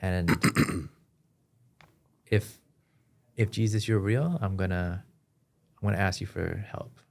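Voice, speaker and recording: A man as a podcast guest, telling his personal story in an earnest, halting way with frequent restarts. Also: deep voice, steady tone, creaky. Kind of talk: personal testimony in an interview.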